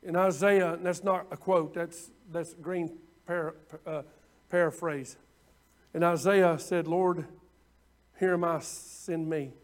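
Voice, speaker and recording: A man preaching a sermon, impassioned and repetitive at times, then dropping into quiet asides. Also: on the high side, fairly even intonation, takes it slowly. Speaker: pastor.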